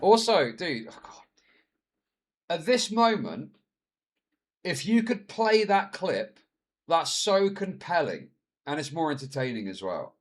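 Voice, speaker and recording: A man streaming, reacting to a video with crude, sarcastic commentary that swings between mutters and loud outbursts. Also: fairly high pitch, sing-song, slow, pauses often.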